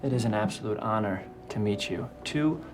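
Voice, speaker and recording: A man's voice: fairly low pitch, normal speed, music in the background, close to an everyday voice. A man playing a brash, cocky flirt. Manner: cocky, loud, showboating. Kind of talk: sitcom clip.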